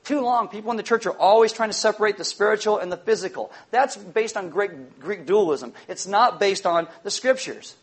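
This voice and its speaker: High-voiced man preaching a sermon. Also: breathy edge. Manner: emphatic, repeats key lines, slows for emphasis. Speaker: pastor.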